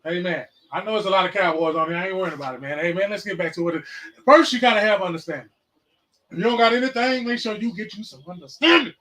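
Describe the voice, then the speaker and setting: A fired-up man in his forties with a fairly high voice, hosting a podcast. He talks straight at his listeners, half sermon and half casual chat, often cursing. His excitement keeps boiling over into loud, hyped bursts. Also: quick pace, low-quality recording. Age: 40s. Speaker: podcast host. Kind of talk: casual preachy podcast monologue.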